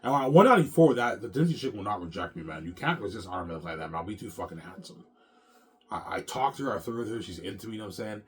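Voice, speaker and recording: A man's voice: deep voice, expressive, fast talker. A man talking in a casual, rambling monologue, repeating himself and tagging lines with "man" and "obviously.". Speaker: vlogger.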